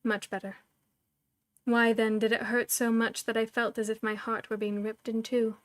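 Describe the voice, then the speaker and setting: A woman's voice: on the high side, flat delivery, normal speed, no echo. A woman reading a novel aloud as a storyteller, expressively acting out each character's lines.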